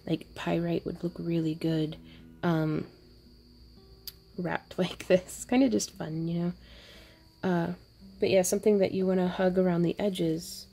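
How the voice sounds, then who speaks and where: A woman talks through a wire-wrapping tutorial in a low, gravelly, mellow voice. She thinks aloud as she works, dropping playful little sound effects and soft asides. Faint music plays underneath. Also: fairly even intonation, a little slow, long pauses. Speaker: jewelry-making tutorial host. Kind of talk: casual crafting tutorial narration.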